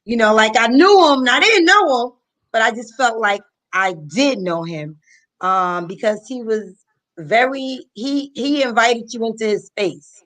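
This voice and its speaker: A woman from New Jersey hosting a live online talk, speaking casually and warmly with many pauses and ums over a video call. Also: on the high side, animated. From Paterson, New Jersey, US. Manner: soft-spoken, many ums, heartfelt. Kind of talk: casual live-stream chat.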